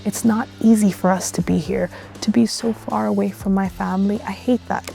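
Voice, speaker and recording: A woman's voice: medium pitch, steady tone, normal speed, vocal fry, dark tone, faint music behind. A young woman in her twenties from Nigeria, speaking earnestly and thoughtfully in an interview. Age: 20s. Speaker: international student. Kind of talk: interview testimony.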